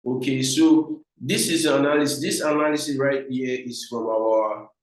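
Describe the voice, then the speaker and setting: A man's voice: medium pitch, moderate pace. A man with a Nigerian English accent giving a trading lesson, emphatic and repetitive, often calling his viewers guys. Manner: emphatic, repeats points, addresses viewers as guys. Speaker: trading mentor. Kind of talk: instructional talk. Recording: very echoey room.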